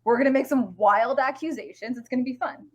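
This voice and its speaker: A woman's voice: on the high side, fairly quick, dull audio. A woman with a Canadian accent, co-hosting a podcast in casual chat, playful and teasing, acting out quotes, on a remote call mic. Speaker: podcast co-host.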